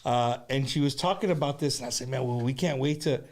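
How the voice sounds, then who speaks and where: A relaxed man at a middle pitch, hosting a casual interview. He asks loose, stammering questions in an easygoing way. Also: fast. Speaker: interview host.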